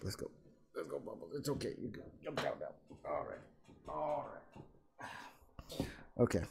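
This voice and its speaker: A man's voice: medium pitch, very animated, unhurried, creaky. A man casually commenting on a video at home, laughing, swearing and mocking as he talks to his dog.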